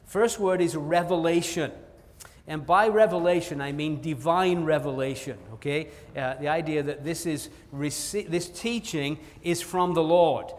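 A man's voice: fairly high pitch, measured pace. A man preaching an evening Bible teaching sermon, earnest and emphatic, with frequent "uh" fillers and asides. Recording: long hall reverb.

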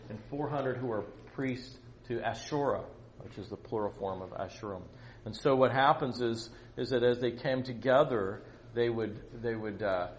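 A man preaching at a family camp, teaching the Bible in a conversational, animated way and acting out the scripture. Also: mid-range voice. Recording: roomy echo, faint noise.

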